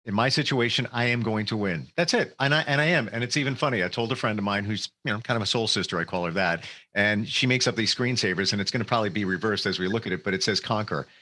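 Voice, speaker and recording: A man's voice: on the low side, quick pace, sharp tone. A man hosting an interview, asking questions and sharing personal thoughts earnestly, with small restarts. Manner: earnest, personal, stumbles on words. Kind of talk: interview conversation.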